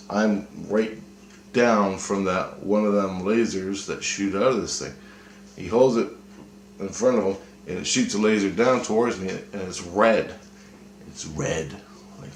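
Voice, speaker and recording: A man casually retelling a dream, rambling and cursing, with frequent restarts. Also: low voice. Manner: rambling, profane, restarts often. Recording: echoey room, faint noise.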